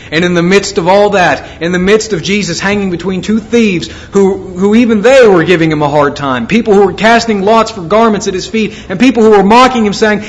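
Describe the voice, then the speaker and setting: A man's voice: high-pitched, rough recording. A man preaching a sermon, reading scripture and retelling it in an earnest, emphatic way.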